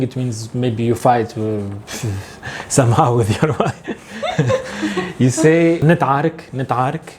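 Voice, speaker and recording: A Tunisian Arabic teacher leads a casual language lesson in a warm, mellow, mid-range voice. His delivery is relaxed and halting, full of fillers and light chuckles, with faint noise beneath the recording.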